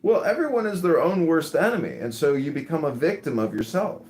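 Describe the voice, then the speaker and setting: A man's voice: on the high side, animated, fairly quick, darkish tone, slight background noise. A man runs a casual call-in stream, his voice rising and falling freely as he teases people. His manner is mocking and provocative, poking at whoever is on the line. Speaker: livestream host.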